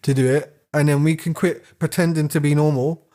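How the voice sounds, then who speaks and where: A man's voice: on the high side, little pitch movement, fairly quick, mellow. A man, co-hosting a casual podcast, rambling and laughing as he rants. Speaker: podcast co-host. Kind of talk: casual chat.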